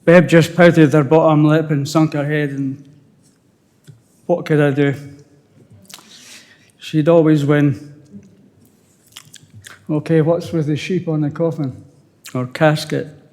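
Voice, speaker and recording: An older man with a Scottish accent, a widower giving a halting, emotional funeral eulogy with touches of dry humour. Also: a little high, level tone, a little mellow, big-room sound. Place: funeral service.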